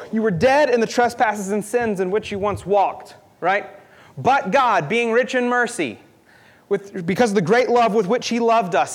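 Young male preacher with a high voice, earnest and conversational, repeats points for emphasis. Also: slightly rough. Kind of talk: sermon.

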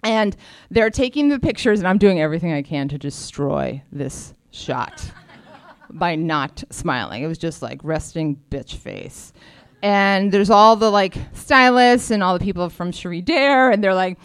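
A woman telling a personal story in a wry, self-deprecating and animated way. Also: mid-range voice, normal speed, no echo. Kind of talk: live storytelling monologue.

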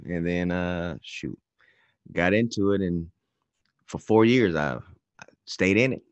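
A man guesting on a podcast, telling his career story in a relaxed, rambling way. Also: low-pitched, unhurried, pauses often, no room sound, muffled recording. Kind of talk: casual storytelling.

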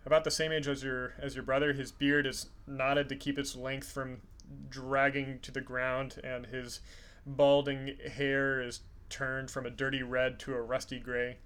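A man narrating a tabletop role-playing game as game master, describing scenes calmly with some fillers. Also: medium pitch, unhurried, smooth. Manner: descriptive, relaxed, with frequent fillers.

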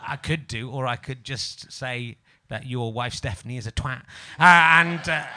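A man's voice: medium pitch, unhurried, bright, forceful tone. A man with a Yorkshire accent hosting a live comedy podcast, rambling, swearing and teasing the audience. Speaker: stand-up comedian and podcast host.

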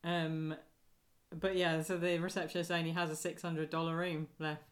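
A woman chatting on a podcast in a fairly low voice, giggling and wondering aloud as she talks. Her speech drifts through half-finished questions in a relaxed, casual way. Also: normal speed. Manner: giggly, asks musing questions, trails off. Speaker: podcast co-host. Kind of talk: casual chat recapping a sitcom episode.

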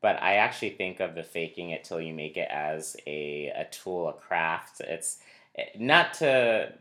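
A man's voice: deep voice, lively intonation, a little slow, pushed and bright. A man co-hosting a casual podcast chat, talking in a rambling, digressive way. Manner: rambling, digressive, many fillers and restarts. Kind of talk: casual conversation.

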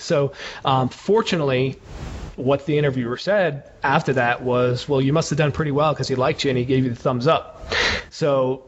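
A man with a mid-range voice speaks at a moderate pace, recounting a frank story as a guest in an interview. He swears casually and uses lots of fillers, and the audio is muffled with noticeable background noise.

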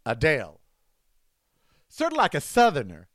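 A man's voice: a little high, very animated, moderate pace, fairly bright tone, dry recording. A man hosting a comedic rant monologue, sarcastic and mocking as he riffs at length. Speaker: host.

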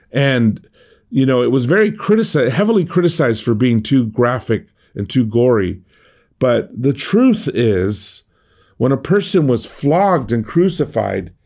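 A man's voice: mid-range voice, creaky, a little mellow. A middle-aged man giving an earnest sermon as a pastor, often restarting and repeating words as he goes.

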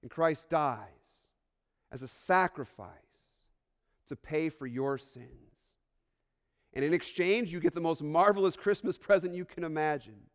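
High-voiced pastor preaching in a reverberant hall. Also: male voice, unhurried, pauses often. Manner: earnest, emphatic preaching with repeated phrases and restarts. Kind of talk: Christmas sermon. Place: church sanctuary. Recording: long reverb of a large hall.

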